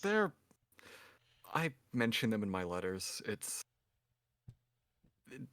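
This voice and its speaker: Casting: man, deep voice, earnest role-play player, dry close sound. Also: sing-song, slow pace, a bit bright, no room sound. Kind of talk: in-character tabletop role-play.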